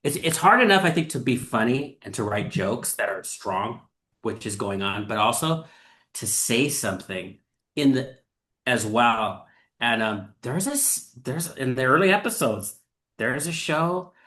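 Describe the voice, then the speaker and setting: A man hosting a podcast, talking in a thoughtful, earnest way with many pauses and fillers. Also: mid-range voice, lively intonation, sharp tone. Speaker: podcast host. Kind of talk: casual chat.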